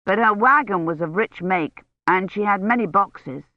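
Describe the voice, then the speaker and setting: A woman reading a kind young male knight who speaks slowly and over-distinctly. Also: mid-range voice, no echo, lo-fi sound, close to an everyday voice. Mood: puzzled. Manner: slow, over-distinct, emphatic speech.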